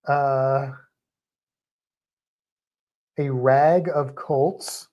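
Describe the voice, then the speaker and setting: A man co-hosting a livestream, chatting casually and rambling with fillers. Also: on the high side. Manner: relaxed, rambling, halting with fillers. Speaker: livestream co-host. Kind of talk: casual chat.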